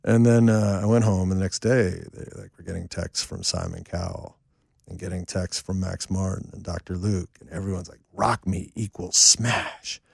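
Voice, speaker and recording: A man who writes and produces songs, telling a rambling, lively story as a guest in a casual chat at home, full of fillers and asides. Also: sits low, fairly quick, creaky, dry recording, clean studio sound. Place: a home, indoors.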